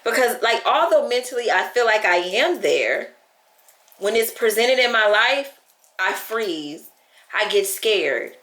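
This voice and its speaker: A woman's voice: mid-range voice, expressive, a little slow, a bit bright. A woman vlogger talking to her camera, chatty and heartfelt, close to tears as she speaks. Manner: tearful and heartfelt, close to crying; chatty, lots of "like" and quoting herself. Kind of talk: emotional talk to camera. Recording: echoey room.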